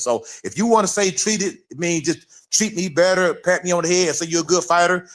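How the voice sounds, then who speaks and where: A man's voice: sits high, a little fast, few pauses, fairly bright tone. A man co-hosting a stream, arguing his case and repeating questions over the other speaker in a casual debate. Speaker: co-host of a boxing talk stream. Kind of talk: heated debate, casual chat.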